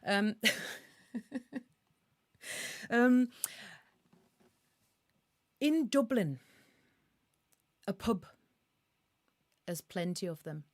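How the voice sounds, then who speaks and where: A woman's voice: mid-range voice, lively intonation, drawn-out words, pauses often, darkish tone, no room sound. A German woman co-hosting a casual music stream, chatty and telling a joke with frequent laughs. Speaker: co-host. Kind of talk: casual live-stream chat.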